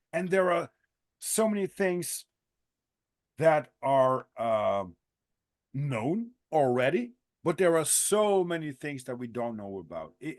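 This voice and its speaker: A man hosting a podcast, talking in a rambling, halting way with lots of restarts in a casual interview. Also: mid-range voice, no room sound. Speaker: podcast host.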